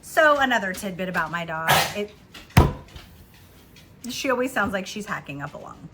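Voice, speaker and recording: A woman chatting casually from home about a book she read, giggling often and filling pauses with ums and likes. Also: medium pitch, animated, very noisy. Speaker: book vlogger. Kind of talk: casual book review chat.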